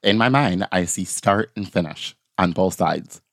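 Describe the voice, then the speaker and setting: A man's voice: deep voice, a little slow, dry recording, clean studio sound. A man co-hosting a casual podcast, joking and swearing as he tells stories. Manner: joking, lively storytelling. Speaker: podcast co-host.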